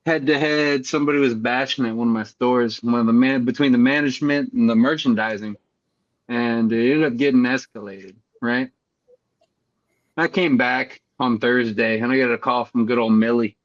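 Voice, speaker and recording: A man's voice: medium pitch, steady tone, moderate pace, no echo. A man in the middle of the range co-hosting a casual podcast, telling a long work story and playing out both sides of a phone call. He swears freely. The recording sounds dull and dry. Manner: storytelling, acts out quoted calls, swears freely. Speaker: podcast co-host. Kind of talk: profane casual chat.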